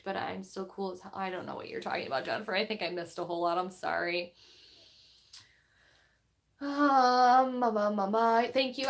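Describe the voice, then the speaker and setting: A woman's voice: medium pitch, gravelly, a bit bright. A woman hosting a spiritual live stream, chatting casually with viewers in a rambling, think-aloud way and reading passages aloud.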